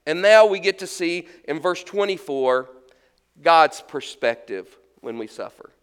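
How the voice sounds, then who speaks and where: High, clear-voiced preaching man. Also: lively intonation, unhurried. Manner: dynamic preaching, swinging between loud emphasis and hushed lines. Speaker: pastor. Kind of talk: sermon.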